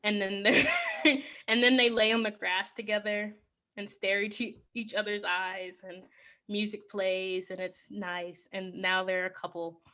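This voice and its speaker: A podcast host with a bright, clear-edged voice sits somewhere in the middle of the female pitch range. She runs through a movie plot in a loose, chatty way, giggling often and leaning on "like" as she goes. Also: level tone, unhurried. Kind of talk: casual movie plot recap.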